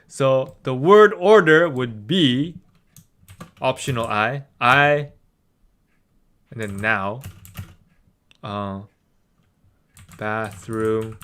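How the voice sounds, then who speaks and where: A man's voice: mid-range voice, a bit bright, smooth. A young man from Canada, teaching Korean in a casual, chatty livestream and laughing often. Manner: chatty, laughs often, reads chat aloud.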